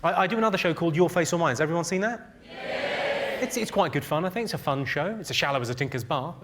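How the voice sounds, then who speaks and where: A man with a fairly high voice works the room in a deadpan, teasing stand-up roast. He speaks into a stage mic in a live theatre, with loud laughter from the audience behind him. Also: fast, noisy background. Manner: deadpan, teasing crowd work. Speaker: stand-up comedian.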